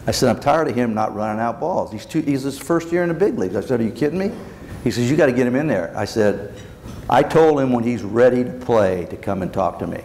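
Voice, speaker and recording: Animated and fast, with a medium-pitched, slightly mellow voice, a former baseball manager now older shares blunt stories at a luncheon Q&A, voicing the quoted lines himself. The large banquet hall gives the recording a long reverb and faint room noise.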